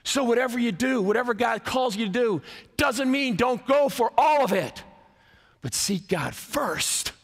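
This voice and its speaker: This man in his fifties, a college athletic director who also gives talks, preaches forcefully in a big college chapel, letting his pitch rise and fall for effect. His voice is very high and his speed is normal, with long hall reverb on the recording.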